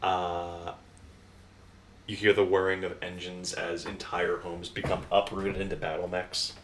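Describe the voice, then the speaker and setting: A man's voice: low-pitched, level tone, a little slow, fairly bright tone, roomy sound, a little hiss or hum. A man narrating a tabletop game as game master, rambling with lots of fillers and chuckles.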